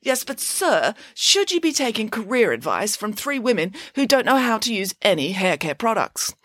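A woman's voice: medium pitch, big pitch swings, moderate pace, a bit bright, no echo, studio quality. A woman voicing a sensible, cautious male sidekick who reasons politely. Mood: wary.

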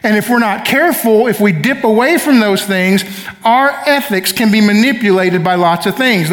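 Middle-aged male pastor, high voice, emphatic sermon delivery with call-and-response, church hall reverb. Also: a bit bright. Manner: emphatic, calls for audience responses. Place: church sanctuary.

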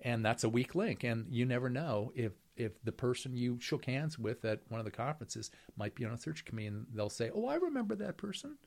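A man's voice: mid-range voice, fairly quick, few pauses. Middle-aged man telling wry rambling anecdotes. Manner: wry, rambling anecdotes with many fillers and restarts. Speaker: professor being interviewed. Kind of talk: storytelling conversation.

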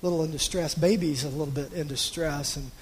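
A man preaches to a congregation, his voice sitting high. He tells a story in a loose, conversational way, stumbling over and repeating words. His voice trails off into the long reverb of a large church auditorium. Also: steady tone, fast talker, slightly rough. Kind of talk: sermon storytelling.

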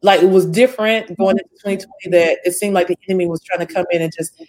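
A woman's voice: fairly low pitch, fairly even intonation, quick pace, darkish tone. A woman hosting her own interview show, asking earnest, encouraging questions. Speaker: host and founder of the show. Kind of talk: interview host.

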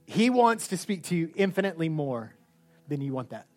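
A man preaching a sermon, animated, swinging from quiet, intimate lines to loud shouts. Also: a little high, fairly quick, soft background music.

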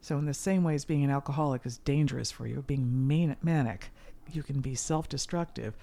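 A middle-aged woman talking as a guest musician in a casual interview, earnest and animated. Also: very deep voice, fairly quick, gravelly. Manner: earnest and animated, with sudden loud mimicry.

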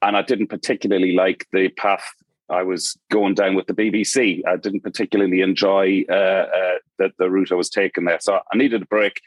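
A man's voice: deep voice, little pitch movement, brisk, no room sound. A middle-aged Geordie man from Newcastle, a podcast guest chatting casually and wandering off on tangents. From Newcastle, northeast England. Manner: rambling storyteller, goes off on tangents. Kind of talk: casual chat.

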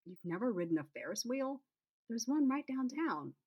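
A woman's voice: fairly high pitch, sing-song, moderate pace, breathy edge, lo-fi sound, voice pushed up. A woman reading as a teasing young man. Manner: wry, needling. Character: teasing nosy young man, laid-back.

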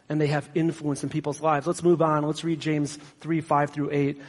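A man's voice: on the high side, flat delivery, normal speed, hardly any pauses. A man preaching a sermon as pastor, conversational and self-deprecating, with sarcastic asides. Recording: long hall reverb.

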